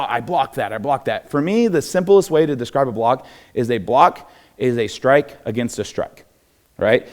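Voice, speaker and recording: A young man with a Texan accent teaching a self-defense class in a church hall, upbeat and encouraging, laughing often. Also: a little high. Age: young adult. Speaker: martial arts instructor.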